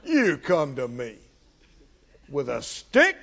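Preacher doing a deep, taunting hulk of a warrior; dull, hall-echo recording. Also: male voice, wildly swooping pitch, slow pace, creaky, fairly bright tone, slightly rough, full character voice. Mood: mocking. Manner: taunting, jeering. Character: scornful hulking male giant warrior, mocking. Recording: dull audio in a large reverberant hall.

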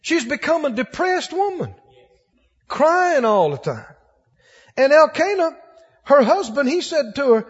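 High-voiced, rousing male preacher. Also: sing-song, measured pace, big-room sound, highs cut off. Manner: emphatic, rousing, asks the congregation questions. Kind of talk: sermon.

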